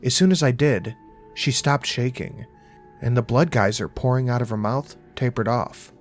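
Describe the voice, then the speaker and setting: A man's voice: mid-range voice, moderate pace, soft background music. A man narrating a first-person horror story in a casual, profane, wry voice.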